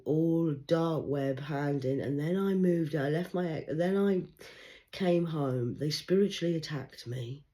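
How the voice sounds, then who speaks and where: Intense rambling Englishwoman reading tarot. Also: deep voice. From England. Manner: intense, rambling, swinging between loud urgency and hushed murmurs. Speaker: tarot card reader. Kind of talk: rambling livestream monologue.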